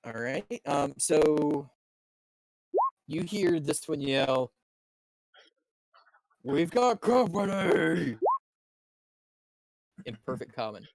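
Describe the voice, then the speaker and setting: A man narrating as dungeon master of a tabletop game, descriptive and halting, with fillers and restarts. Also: on the high side, a little mellow, no echo.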